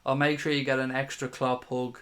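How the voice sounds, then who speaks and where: A man's voice: medium pitch, little pitch movement, fairly quick, a bit bright, clear, resonant tone. A man in his thirties hosting a live stream, casually reading viewer comments aloud in a chatty, matey way and swearing now and then. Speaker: fan channel host.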